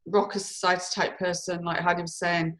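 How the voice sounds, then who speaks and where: Giggly apologetic woman with a lower voice. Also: flat delivery, brisk, a bit bright. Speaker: numerology co-host. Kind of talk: casual live-stream reading.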